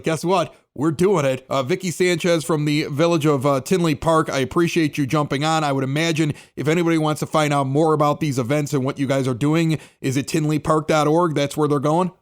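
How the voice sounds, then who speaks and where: A man's voice: on the high side, fairly even intonation, quick pace, few pauses. A man hosting a podcast, chatting casually at a basement home bar and telling rambling stories with plenty of laughs. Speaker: podcast host.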